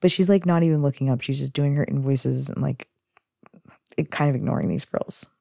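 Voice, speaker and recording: A woman's voice: rumbling low, brisk, vocal fry, mellow, no echo, clean studio sound. A woman hosting a podcast, chatting casually through a sitcom recap with lots of fillers and giggly asides. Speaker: podcast host.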